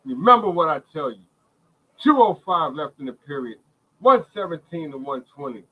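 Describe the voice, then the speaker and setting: A man's voice: on the high side, big pitch swings, moderate pace, phone-quality sound. A middle-aged man from Brooklyn gives emotional, heated live fan commentary on a basketball game, repeating himself and talking straight to his viewers. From Brooklyn, New York City. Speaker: fan watch-along host.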